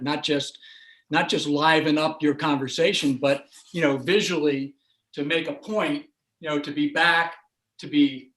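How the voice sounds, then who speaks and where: A man's voice: on the high side, fairly bright tone. A man on a video-call panel, giving a thoughtful comment with many fillers. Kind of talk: casual panel chat.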